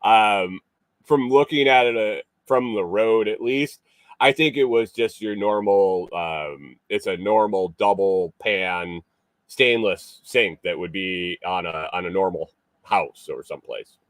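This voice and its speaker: A man with a low voice telling a casual story as a show host. He rambles, circling back with fillers and restarts. The sound is dry and close. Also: unhurried, no echo.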